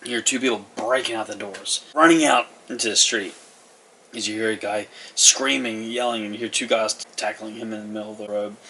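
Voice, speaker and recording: A man narrates a tabletop game as its game master, rambling along with plenty of fillers. His voice is bright and sits a little low. He sounds set back from the mic, with a faint hiss underneath. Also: steady tone, fairly quick. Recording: distant mic with faint noise.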